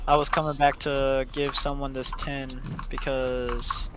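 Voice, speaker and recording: A man's voice: medium pitch, level tone, a little slow, very noisy. A young man streaming a game from home with friends, blunt and sarcastic, swearing freely. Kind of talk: casual gaming chat. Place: home, at a computer. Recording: keyboard clicks behind.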